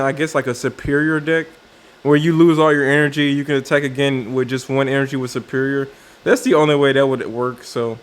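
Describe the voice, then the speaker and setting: Man thinking aloud over new cards. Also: medium pitch. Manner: thinking aloud with many fillers and restarts. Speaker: card game video creator. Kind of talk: casual commentary on card reviews.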